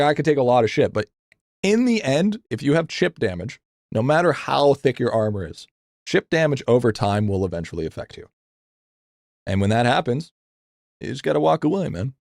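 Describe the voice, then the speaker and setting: A man's voice: gravelly, no room sound. Profane, rambling young male streamer, dry. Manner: profane, rambling, repeats himself with stammered restarts; animated, voice jumps higher when venting. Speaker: game streamer. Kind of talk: casual live-stream rant, reading chat.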